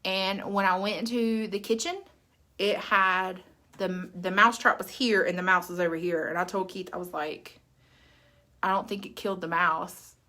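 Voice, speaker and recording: A woman's voice: mid-range voice, fairly even intonation, moderate pace, bright, forceful tone. A woman, chatting casually on a live stream, reading viewer comments aloud and laughing often. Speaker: makeup seller livestream host.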